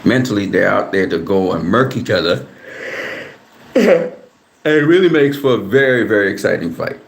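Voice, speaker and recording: A man's voice: fairly low pitch, normal speed, gravelly, echoey room. A man, giving a casual, rambling boxing analysis as the host of his own channel. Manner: relaxed, rambling, repeats words. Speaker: boxing commentator.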